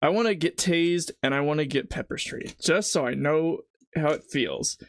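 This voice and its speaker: Speaking at normal speed in a mid-range voice, a live streamer chats casually and rambles while cooking at home. An onion has them teary-eyed, and they poke fun at themself in the kitchen.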